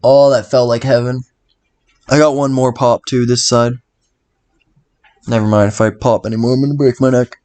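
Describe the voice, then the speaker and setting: A man's voice: mid-range voice, fairly even intonation, moderate pace, pauses often, a little mellow. A young man talking casually on a late-night livestream, tired and drowsy, loose and swearing, chuckling to himself. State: sleepy and tired. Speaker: streamer.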